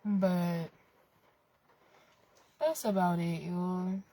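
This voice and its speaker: A young woman with a husky, slightly breathy voice talks straight to her viewers in a casual, profane motivational rant. She is blunt and animated, swearing freely as she lectures them. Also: fairly low pitch, drawn-out words, no echo, low-quality recording. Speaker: vlogger.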